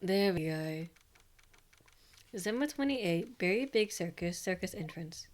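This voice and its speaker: A young woman streamer talking quietly to herself as she clicks through a game, in a soft, low-key way. Faint game music plays under her voice. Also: lively intonation, a little slow. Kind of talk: casual gameplay commentary.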